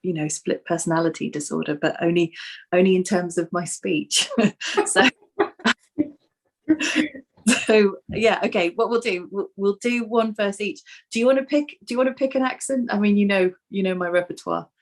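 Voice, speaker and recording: A woman's voice: medium pitch, moderate pace. Cheerful woman hosting an interview. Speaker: interviewer host. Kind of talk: conversational interview.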